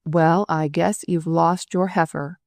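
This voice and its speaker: A blunt, irritable senior surgeon, as a woman reads him in an audiobook. His lines come out lowish and mellow, curt and dry. The recording is close, with no room sound. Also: a little slow, no room sound, natural voice. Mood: gruff. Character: gruff blunt older male senior surgeon. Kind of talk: audiobook character voice.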